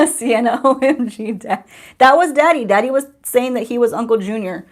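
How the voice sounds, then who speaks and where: A woman's voice: fairly high pitch, normal speed. A woman, hosting a casual beauty livestream from home in a chatty, sarcastic, laughing way. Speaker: beauty channel host.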